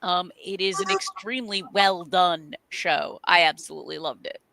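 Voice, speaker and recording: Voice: mid-range voice, expressive, moderate pace, gravelly, pushed and bright, no room sound, rough recording. A host of a live stream show, chatting casually and reading viewer comments, with "um" and "uh" fillers. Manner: reads viewer chat aloud, uses "um" and "uh" fillers.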